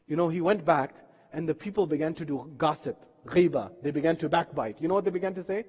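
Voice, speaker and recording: A male preacher delivers a sermon with earnest storytelling and rhetorical questions. His voice sits high for a man. The sound carries the long reverb of a mosque hall. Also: quick pace, darkish tone, slightly rough.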